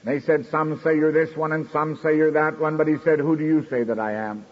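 A man preaching a sermon in a measured, declamatory way, slowing down for emphasis. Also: fairly high pitch, fairly even intonation. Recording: dull recording in a reverberant hall.

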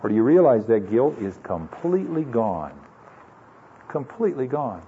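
A man's voice: mid-range voice, very animated, normal speed, a little hiss or hum. A man from the United States preaching an earnest, conversational sermon full of rhetorical questions, in a dull lo-fi recording. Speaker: pastor.

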